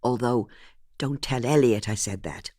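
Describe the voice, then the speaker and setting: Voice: medium pitch, a little slow, dark tone, dry recording, studio quality, natural voice. A narrator voicing a friendly, chatty Irish receptionist in her fifties, with an Irish accent. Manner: chatty, conspiratorial.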